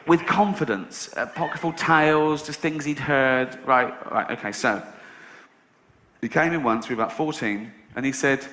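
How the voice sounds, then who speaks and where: A middle-aged English stand-up comedian performs a sardonic routine in a large theatre, swearing and acting out characters for a live audience. His mid-range voice moves at a normal speed with a sharp edge, and the recording carries the theatre's echo and bursts of laughter.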